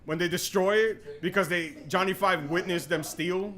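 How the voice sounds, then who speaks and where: A young man hosting a podcast in casual chat, excitable and full of "yo", often restarting his sentences. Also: sits high, moderate pace. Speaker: podcast host.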